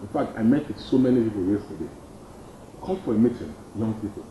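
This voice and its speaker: Talking fast, this young Nigerian-accented activist fields interview questions with emphasis, circling back to the same points while his pitch rises and falls energetically. It's recorded in a dull, roomy studio with a little background noise.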